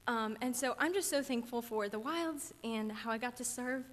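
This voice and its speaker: A woman's voice: fairly high pitch, normal speed. Young woman giving a church testimony, echoey. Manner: earnest, chatty, gets teary. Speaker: camp counselor giving testimony. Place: church sanctuary. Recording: church hall reverb.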